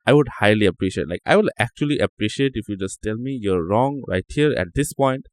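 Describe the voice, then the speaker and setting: A man's voice: fairly low pitch, expressive, fairly quick. A man hosting a tech channel, talking casually over a screen recording, joking and reacting aloud to what he sees.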